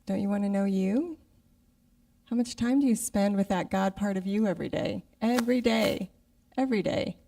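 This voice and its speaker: A middle-aged woman preaches in a relaxed, conversational way, acting out her own thoughts as she speaks. Her voice is mellow and warm. She is picked up from a distance by the mic in a church sanctuary. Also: medium pitch. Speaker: guest speaker. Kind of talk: sermon.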